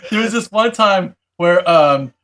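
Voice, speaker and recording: A man telling a childhood story in casual chat, animated and laughing as he goes. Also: high-pitched, a little slow.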